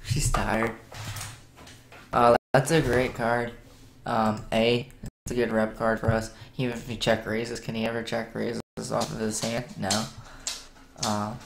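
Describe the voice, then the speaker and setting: Male poker streamer, unhurried, baby-talks his dogs between hands; roomy echo, noisy background. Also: lowish voice, flat delivery, creaky. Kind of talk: casual live-stream chat with poker commentary.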